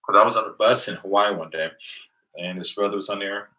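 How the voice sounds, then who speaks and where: Speaking at a quick pace in a low-leaning voice with a sharp tone, a livestream host from the United States, in his thirties, hangs out with viewers from home late at night. He laughs frequently and wanders through rambling stories.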